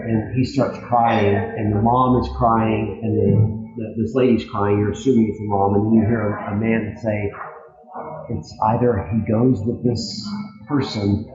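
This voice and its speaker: Halting male game master, low voice. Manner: halting, many fillers and restarts. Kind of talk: narrating a tabletop game. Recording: echoey, muffled home recording with music behind.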